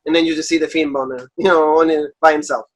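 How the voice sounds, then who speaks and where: A man's voice: a little high, steady tone, fast. A man co-hosting a wrestling podcast in casual chat, rambling with lots of filler words. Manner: rambling, many "like" and "you know" fillers.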